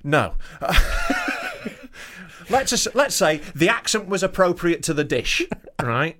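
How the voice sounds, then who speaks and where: A man co-hosting a comedy podcast, telling stories in a quick-tempered, swearing way. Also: fairly high pitch, sing-song, a bit bright. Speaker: podcast co-host. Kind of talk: casual comedy chat.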